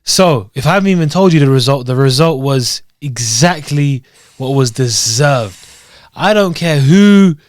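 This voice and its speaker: A young man from talking casually on a podcast, breaking down a fight for his co-host. He sounds mid-pitched and close to the mic in a dry room with no echo. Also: moderate pace. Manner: explains fight results, animated retelling. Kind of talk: casual chat.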